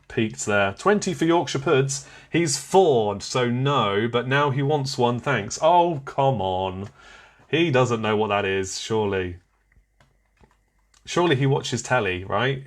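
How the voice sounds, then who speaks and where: A man hosting a live online quiz, chatting, reading out scores and viewers' comments and laughing often. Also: mid-range voice. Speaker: quiz host.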